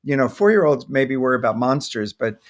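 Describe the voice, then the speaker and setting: A man's voice: medium pitch, animated, brisk. An older man, a pediatrician guest on a podcast, speaking thoughtfully and sometimes acting out how to soothe a child. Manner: thoughtful, acts out soothing toddler talk. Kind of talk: podcast interview.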